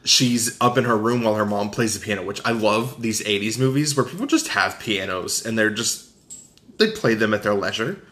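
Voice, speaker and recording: A man with a Southern US accent recapping a film in casual podcast chat, animated and jokey. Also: on the low side, moderate pace. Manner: animated, jokey, acts out quotes. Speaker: podcast co-host.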